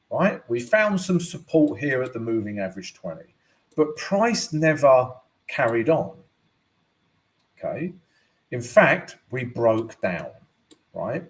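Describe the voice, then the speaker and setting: Male host, live market analysis, unhurried and conversational, mid-range voice. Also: mid-range voice. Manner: chatty, keeps adding "right?". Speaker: forex trading host.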